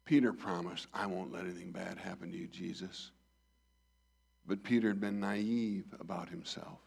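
A man preaching a sermon, reading scripture and voicing the dialogue, rising loud then dropping soft. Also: on the low side, slightly rough. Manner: reads scripture and acts out the dialogue, swells and drops in volume.

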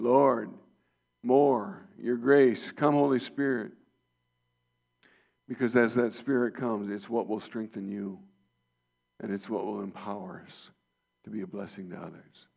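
A man's voice: lowish voice, vocal fry. A man preaching a sermon as pastor, earnest and personal, rising to impassioned emphasis. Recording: dull lo-fi sound.

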